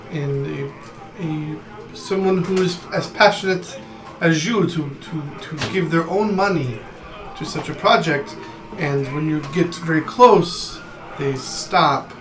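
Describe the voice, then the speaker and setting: Male player, measured and hesitant, very slow, slightly high voice. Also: music in the background, low-quality recording. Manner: halting, thoughtful. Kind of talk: playing a tabletop game.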